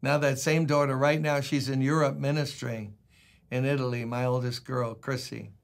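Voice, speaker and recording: A man's voice: mid-range voice, level tone, normal speed, gravelly. An older man, a pastor, giving a conversational devotional sermon, telling folksy stories and reading scripture aloud.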